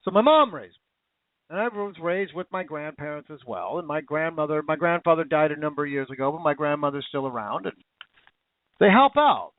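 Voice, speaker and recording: Hosting a talk radio show, a man with a fairly high, animated voice rants quickly and emotionally, repeating himself as his anger climbs. The impassioned monologue has a dry but tinny, phone-like sound.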